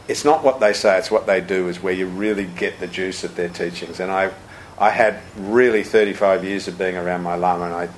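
An older man, a Buddhist teacher giving a talk full of anecdotes, told with lively chuckles. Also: lowish voice, slight background noise, rough recording.

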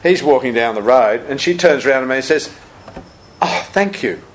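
An older man, a Buddhist teacher giving a talk full of anecdotes, told with lively chuckles. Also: mid-range voice, quick pace, slight background noise, low-quality recording.

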